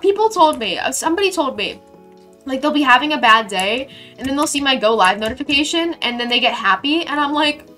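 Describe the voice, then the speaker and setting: A bubbly young woman streams herself building in a game, chatting playfully with her viewers and thanking them warmly. Her voice sits a little high and sounds bright and crisp, with soft music playing faintly behind her. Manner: bubbly, gushing thanks to chat, playful slang. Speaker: live streamer. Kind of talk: casual live-stream chat while building in a game.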